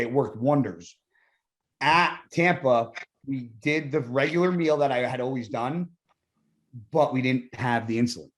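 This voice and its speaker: A middle-aged man, a retired bodybuilder, talking as a podcast guest. He tells his story bluntly, swearing often and acting out quoted conversations. His voice sits at an everyday middle pitch. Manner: blunt, profane, acts out his own quoted lines. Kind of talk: casual storytelling interview.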